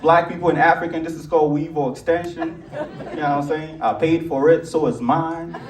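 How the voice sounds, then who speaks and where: A young man with a Nigerian accent doing a stand-up comedy set, animated and jumping into a high voice for acted quotes. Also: a little fast, a crowd in the background. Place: large theater stage with live audience. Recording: roomy theater sound, distant mic, loud audience laughter.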